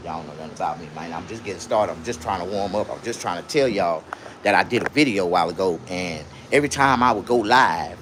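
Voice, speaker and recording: A boastful man rants on a live stream from his own shop, swearing freely and rambling from one thought to the next. His pitch swings widely, and his bright, forceful tone shifts from loud bursts to low mutters. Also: a little hiss or hum. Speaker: livestreamer and shop owner. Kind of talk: casual live-stream rant.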